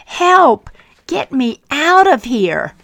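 A woman's voice: wildly swooping pitch, drawn-out words, gravelly, no room sound, heavily acted. A woman crying out as a pleading talking teacup. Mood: panicked. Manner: cries out, high and loud. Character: talking teacup, once clay, protesting and pleading. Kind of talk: storytelling parable.

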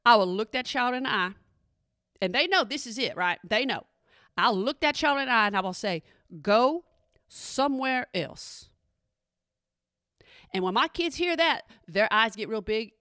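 A woman's voice: a little high, pushed and bright, dry recording, clean studio sound. A middle-aged woman, talking casually and playfully to her audience and asking them questions. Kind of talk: casual comedic talk to an audience.

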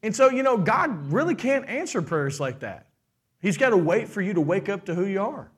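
High-voiced animated male preacher. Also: moderate pace. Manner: animated preaching, acts out quoted voices, asks the crowd questions. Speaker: pastor. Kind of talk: sermon.

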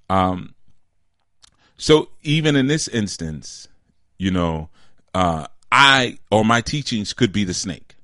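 Low-voiced guy teaching spiritual stuff, keeps asking "you see?", slows down on the big points, dead dry room. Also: fairly bright tone, no room sound. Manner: conversational, frequent "you see?" check-ins. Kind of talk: informal spiritual teaching talk.

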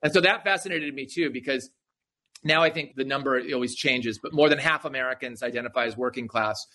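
A man's voice: mid-range voice, a little fast, sharp tone. A man being interviewed as an author on a podcast, explaining eagerly and often tagging "right?" onto his points. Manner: enthusiastic, explanatory, frequent "right?" asides. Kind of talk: conversational interview.

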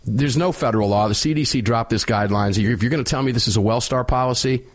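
A middle-aged man hosting a talk radio show, telling a story loudly and emphatically with a sinus infection. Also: medium pitch, fast.

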